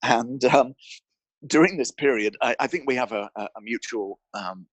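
A man talking as a podcast guest, telling an animated story and restarting phrases with repeated words. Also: mid-range voice, moderate pace, no echo. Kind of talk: conversational interview storytelling. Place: indoor studio with a mic.

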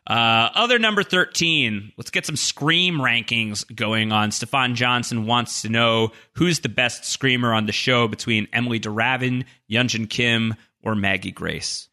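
A man's voice: medium pitch, measured pace, hardly any pauses, pushed and bright. A man co-hosting a podcast, reading listener mail aloud with jokey, self-deprecating asides. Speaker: podcast co-host.

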